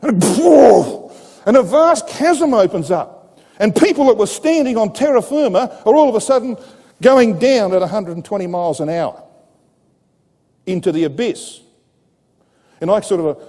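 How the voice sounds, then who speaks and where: A man preaching a sermon to a congregation, telling a scripture story with dramatic rises and a lively, animated delivery. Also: sits high, moderate pace. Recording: echoey hall with long reverb.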